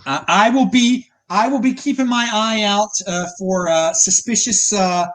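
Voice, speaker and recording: A man hosting a casual podcast, joking excitably and stumbling over his words. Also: high-pitched, unhurried. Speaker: host.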